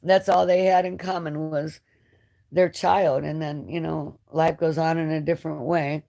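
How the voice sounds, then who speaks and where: Low-voiced grieving woman, rambling. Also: flat delivery, creaky, mellow. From United States. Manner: emotional, rambling, halting speech with many restarts. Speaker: channel host. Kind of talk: live-stream chat with a guest.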